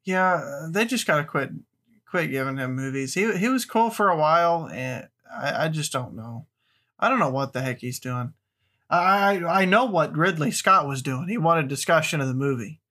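Casting note: male podcast host, a bit higher-pitched than average, blunt and rambling movie talk. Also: expressive, moderate pace, sharp tone. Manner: rambling, blunt, restarts often. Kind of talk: casual movie chat.

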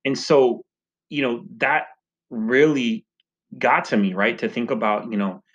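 A man's voice: mid-range voice, measured pace. A man, a father who coaches salespeople, telling a personal story in a casual, conversational way, often tagging "right?" and "you know". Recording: dull lo-fi sound.

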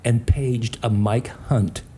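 A man's voice: medium pitch, slow pace, a little hiss or hum. A middle-aged man telling prank stories in a casual chat, acting out the voices of the people in them. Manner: animated, does character voices in anecdotes. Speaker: podcast co-host.

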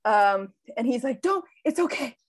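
Woman co-host, fairly high voice, candid and self-deprecating, swears freely, dry close sound. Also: animated, moderate pace, dry recording. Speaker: podcast co-host, parent. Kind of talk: casual chat.

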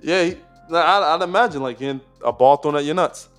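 A man with a fairly high voice talks through a casual podcast conversation. He rambles, stacks fillers and restarts, and swears freely. Faint music sits under his voice. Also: fairly quick, fairly bright tone. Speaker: podcast co-host.

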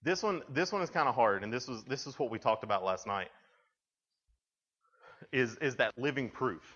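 A young man speaking to junior high students, telling stories in a conversational way with frequent restarts. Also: lively intonation, moderate pace, fairly bright tone, long reverb tail. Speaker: youth speaker. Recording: dull lo-fi sound.

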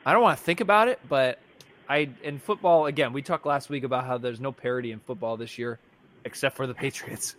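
A man in mid pitch hosts a laid-back fan reaction show, thinking aloud as he goes. He rambles and backtracks, and he sounds worn out and frustrated by his team's bad luck. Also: brisk, fairly bright tone. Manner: rambling, exasperated fan rant with frequent restarts. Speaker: podcast co-host. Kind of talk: casual sports fan reaction chat.

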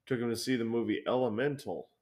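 A man's voice: medium pitch, quick pace, darkish tone. A young man telling a rambling, profanity-filled story in casual chat as a podcast co-host.

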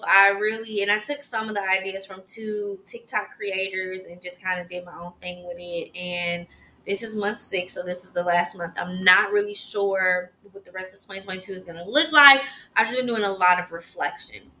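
Bright-voiced chatty woman podcast host. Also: medium pitch, moderate pace. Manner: chatty, expressive, exasperated laughs and sighs. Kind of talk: casual solo podcast talk.

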